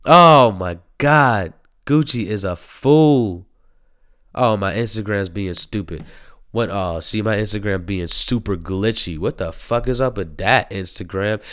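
A young man talking casually to camera about new music singles, slangy and animated, laughing and swearing often. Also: lowish voice, measured pace.

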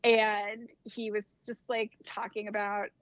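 A woman chatting as a podcast guest, telling a personal story in a lively, casual way. She fills her talk with "like" and acts out the dialogue she quotes. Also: medium pitch, a little slow, dry recording. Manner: animated, acts out quoted dialogue, heavy use of "like". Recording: dull lo-fi dry sound.

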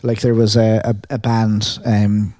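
A man's voice: on the low side, measured pace, no room sound, clean studio sound. A man co-hosting a casual podcast chat, telling stories with lots of fillers and humming the music he describes. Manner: animated storyteller, hums and sings riffs; rambling with many fillers. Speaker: podcast co-host.

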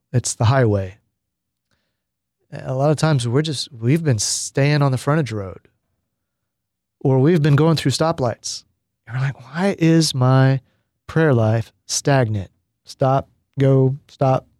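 A man, a priest, giving a spoken retreat teaching on prayer in an unhurried, reflective way with pauses and fillers. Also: a little high, darkish tone, no room sound, clean studio sound.

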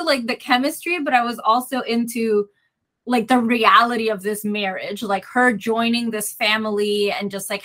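A woman's voice: a little high, sharp tone. A woman chatting casually in a book discussion, talking loosely with lots of filler words. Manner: chatty, frequent "like" fillers, laughs often. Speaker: book club member.

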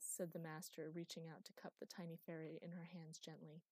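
Brief: female audiobook narrator, mellow low voice, dry close sound. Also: a little fast, few pauses, breathy edge, no room sound. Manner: even storytelling read. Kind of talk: scripted fantasy narration.

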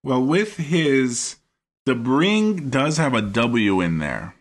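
A man co-hosting a podcast about a film, talking in an analytical way and often pausing to search for words. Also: medium pitch, sing-song. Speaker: podcast co-host. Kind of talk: casual film-discussion chat.

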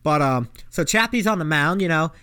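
A young man co-hosting a casual sports podcast, joking around in animated, slangy banter on a close mic. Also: on the high side, brisk, smooth, dry recording. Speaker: podcast co-host. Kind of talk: casual chat.

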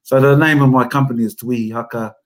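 A man with a New Zealand accent talks in a casual interview. He tells stories with animated emphasis, and his voice sits in the middle pitch range. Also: fast. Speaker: haka teacher and company founder.

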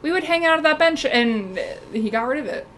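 A young woman co-hosting a podcast in casual, animated chat, swearing freely. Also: high-pitched, a little fast, a little hiss or hum. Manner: animated, swearing, bursts of laughter. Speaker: podcast co-host.

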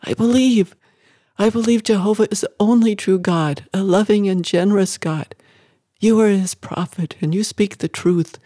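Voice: fairly even intonation, normal speed, few pauses, mellow, no room sound, clean studio sound, close to an everyday voice. A reader voicing Keturah, a grieving desperate mother. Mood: fervent. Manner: raised, pleading, higher than the narration. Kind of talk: dramatic audiobook reading.

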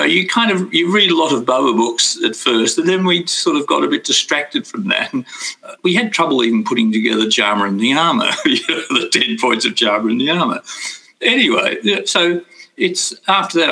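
Older man, gravelly voice, bright tone, casual rambling recollection, chuckles often. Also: fairly high pitch, poor audio. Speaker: devotee recalling spiritual experiences.

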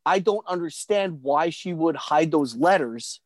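A man in casual chat, halting and stammering with frequent swearing. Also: on the high side, animated, no echo.

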